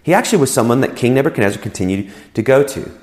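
A man's voice: mid-range voice, lively intonation, very fast, darkish tone. A man giving a conversational sermon as a pastor, explaining scripture in an easygoing way and often repeating words as he goes.

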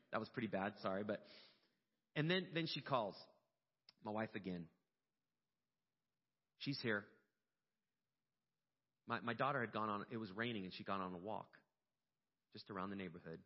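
A man's voice: lowish voice, brisk, pauses often, slightly rough. A middle-aged man preaching a sermon, telling a personal story with rising emotion. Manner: storytelling, animated and emotional at peaks. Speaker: pastor. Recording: dull lo-fi sound with long hall reverb.

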